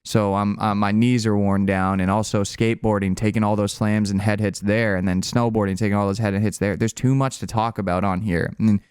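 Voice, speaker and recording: A young man tells a personal story in a rambling, candid way, stopping and restarting as he goes. His voice is low, flat and smooth, recorded dry in a room with no echo. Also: a little fast, hardly any pauses. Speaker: channel co-host. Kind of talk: casual storytelling.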